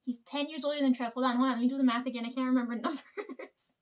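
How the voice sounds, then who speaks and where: Twenty-something woman, high voice, chatty profane storytime vlog, laughs through her lines. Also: fairly even intonation, quick pace. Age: 20s. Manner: rambling, swears a lot, keeps asking "right?"; laughs often mid-sentence. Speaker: vlogger. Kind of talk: casual storytime.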